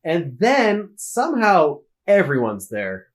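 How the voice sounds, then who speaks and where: A man's voice: on the high side, huge pitch swings, slow. A man co-hosting a film podcast, chatty and nitpicking, often laughing as he talks. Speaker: podcast co-host. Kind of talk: casual film discussion.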